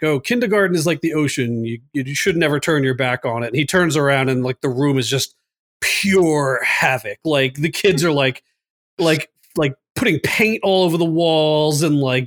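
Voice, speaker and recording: Chatty, laughing man recapping a movie. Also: fairly high pitch. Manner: animated, laughs often, lots of fillers. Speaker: podcast co-host. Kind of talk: casual movie recap chat.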